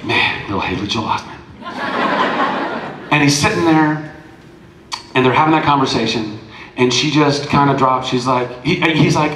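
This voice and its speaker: Rambling bright-voiced man in an echoey hall. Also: mid-range voice, moderate pace, pauses often, a little hiss or hum. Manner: verbose and tangential, rambling with restarts. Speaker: celebrity panel guest. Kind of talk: emotional storytelling at a fan convention panel. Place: large convention panel room.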